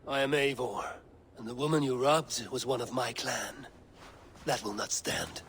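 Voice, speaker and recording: Male actor as a game's steely warrior, mid pitch, clipped lines. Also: a little slow, a bit bright, slight background noise, close to an everyday voice. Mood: stern firm. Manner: firm, terse, resolute. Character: stern male warrior clan leader. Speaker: video game character.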